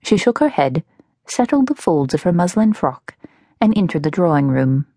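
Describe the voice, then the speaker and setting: A woman reading her novel aloud as an audiobook narrator, telling the story in an expressive, measured way. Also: lowish voice, dry recording, studio quality. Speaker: author and narrator.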